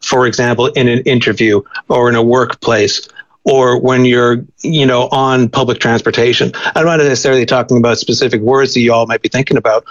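A man's voice: mid-range voice, dull audio. A man speaking as a linguistics guest, explaining thoughtfully with frequent restarts and repeated words. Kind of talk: conversational expert explanation.

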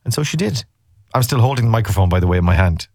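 A man's voice: fairly low pitch, lively intonation, racing, darkish tone, no echo, studio quality. An Irish man hosting a radio show, chatting casually and teasing listeners as he rambles through the day's topics. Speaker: radio host. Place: radio studio.

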